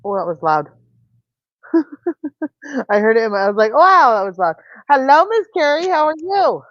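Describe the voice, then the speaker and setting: A woman's voice: high-pitched, sing-song, a little slow, no room sound, dull audio. A woman chatting with a friend on a video call, rambling and restarting her sentences. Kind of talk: casual chat.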